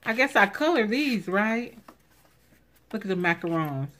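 A woman's voice: mid-range voice, sing-song, measured pace, fairly bright tone. A woman vlogger chatting casually while opening craft mail, gushing and exclaiming over each piece. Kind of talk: casual unboxing chat.

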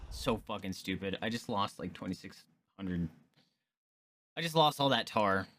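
A man's voice: lowish voice, animated, moderate pace, a bit bright. A man giving let's play commentary as a gaming streamer, swearing and ranting at the game in frustration.

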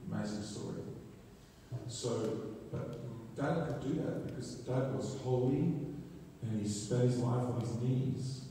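A man's voice: mid-range voice, unhurried, dark tone. A man preaching a sermon, telling stories emphatically with frequent restarts, recorded in a church sanctuary. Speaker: pastor. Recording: echoey hall, distant mic, faint noise.

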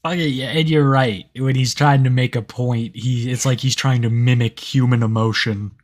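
Laid-back, agreeable podcast co-host. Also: male voice, mid-range voice, steady tone, normal speed. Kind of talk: casual commentary chat.

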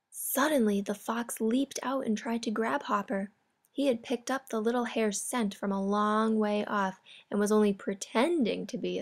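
A woman narrating a children's storybook in a calm, clear way. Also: medium pitch.

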